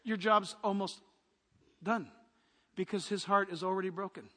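A man preaching a sermon as a pastor, forceful and punchy, with quick lists and asides. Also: high-pitched, steady tone, big-room sound.

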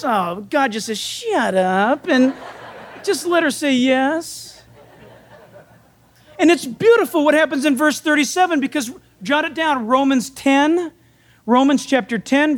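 Male pastor, casual and animated, acts out the scenes as he preaches. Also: high voice. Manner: animated, acts out biblical dialogue; conversational, folksy preaching. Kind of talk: sermon.

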